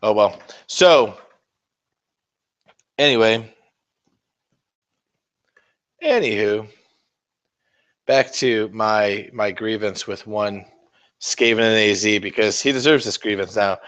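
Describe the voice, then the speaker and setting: A man's voice: fairly low pitch, takes it slowly, long pauses, a bit bright. A man hosting a casual miniature-painting livestream, rambling and swearing in a self-mocking way as he talks to viewers. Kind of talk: casual live-stream chat while painting.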